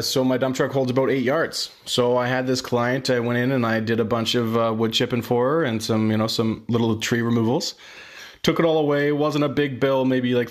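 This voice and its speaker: A man who does tree work, leaving a chatty, cheeky voice message for a podcast. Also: mid-range voice. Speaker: caller. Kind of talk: recorded voice message.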